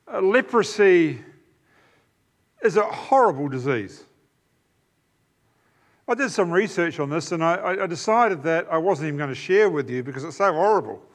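A man's voice: fairly high pitch, lively intonation, unhurried, long pauses. A man preaching a sermon in an earnest, emphatic way, often repeating key phrases. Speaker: pastor.

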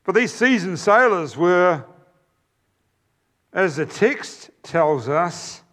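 Man, New Zealand accent, high voice, preaching a sermon, conversational, filler pauses. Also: very animated, a bit bright.

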